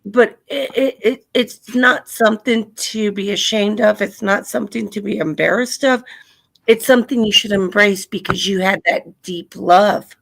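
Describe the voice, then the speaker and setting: A woman's voice: mid-range voice, moderate pace, creaky, fairly bright tone. A woman hosting a live stream, earnestly consoling a grieving caller and calling her honey and sweetheart. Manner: tender, earnest, calls people honey and sweetheart. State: widowed, grieving. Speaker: livestream host.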